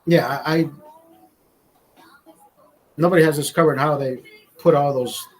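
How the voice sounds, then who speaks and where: A man's voice: a little high, steady tone, a little slow, low-quality recording. A man, a father, hosting a show from a studio, telling stories in a loose, profane, rambling way with lots of restarts. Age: adult, father. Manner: profane, restarts often, storytelling. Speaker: show host. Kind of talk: casual rambling chat.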